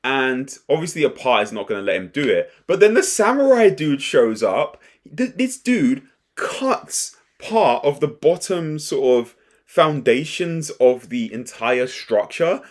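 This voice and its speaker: A young man casually recapping and reacting to an anime episode, rambling and excitable with frequent restarts. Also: fairly high pitch. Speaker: anime commentator.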